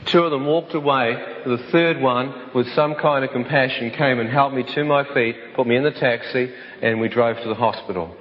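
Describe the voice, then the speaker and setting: Man, mid-pitched, vivid testimony storyteller; dull recording, long hall echo. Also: moderate pace. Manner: vivid storytelling that acts out other voices. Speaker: speaker telling his life story. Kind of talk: dramatic personal testimony.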